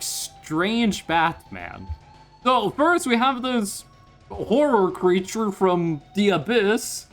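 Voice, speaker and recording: On a live stream, a man talks in a raised, high register that rises and falls, pitching his voice higher than usual. He's hyped, swearing freely while reacting to viewers' chat, with faint music in the background.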